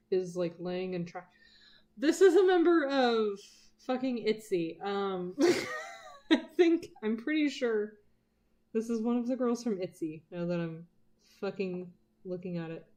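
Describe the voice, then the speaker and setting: A woman's voice: medium pitch, lively intonation, a little slow, warm tone. A woman chatting casually while drawing on a live stream, rambling and swearing freely, often dropping to a murmur as she works. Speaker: art streamer.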